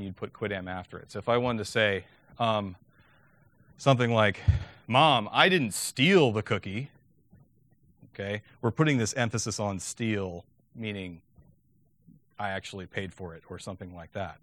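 Low-voiced man lecturing on Latin. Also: a bit bright, no room sound. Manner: conversational, checks in with "okay?" often. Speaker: Latin teacher.

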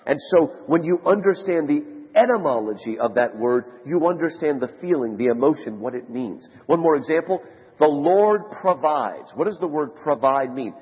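In a large conference hall, a man with a slightly rough voice lectures a live audience through a handheld mic at normal speed. He tells stories in an animated way, rising to high, excited shouts. The lo-fi hall recording has long reverb.

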